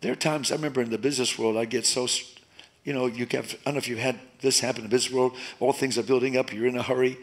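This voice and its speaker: Pastor preaching with swings of loudness. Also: male voice, medium pitch, fast talker. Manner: animated preaching, rising loud and dropping to soft. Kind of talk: sermon.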